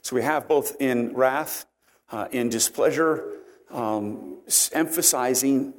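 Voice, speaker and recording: An earnest male preacher walking his listeners through a passage of scripture. His voice sits in an ordinary middle pitch, and he thinks aloud with "uh" and "um" as he explains each point. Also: slow pace. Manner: earnest, explanatory, frequent fillers. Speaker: pastor. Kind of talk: sermon.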